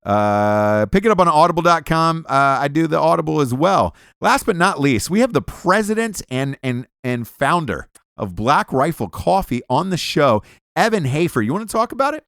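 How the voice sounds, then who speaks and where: A man's voice: a little high, big pitch swings, normal speed, creaky, fairly bright tone, clean tone, dry recording, clean studio sound. Brash, profane male podcast host. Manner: brash, profane, joking delivery. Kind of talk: casual podcast ad reads and chat.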